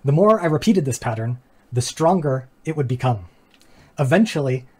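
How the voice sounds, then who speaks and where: A man's voice: a little high, a little mellow, husky. A man hosting a philosophy channel, giving an earnest, reflective explanatory talk that builds rhetorical questions and walks through diagrams with casual asides. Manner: casual asides with fillers and small laughs.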